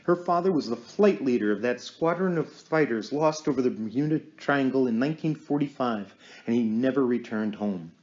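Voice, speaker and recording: A man narrating an audiobook in a measured storytelling manner. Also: mid-range voice, animated, a little mellow, highs cut off. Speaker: audiobook reader.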